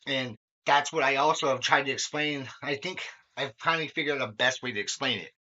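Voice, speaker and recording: A young podcast host rambles through a frank conversation, swearing and leaning on fillers. He talks briskly at medium pitch with a sharp tone, all in dull, lo-fi sound.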